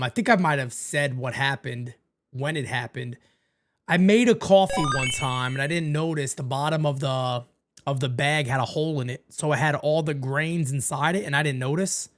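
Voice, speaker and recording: A man hosting a live-stream watch party, calling the baseball game and chatting with viewers in a casual, excitable way. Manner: animated, jumps into high excited calls then drops low and quiet.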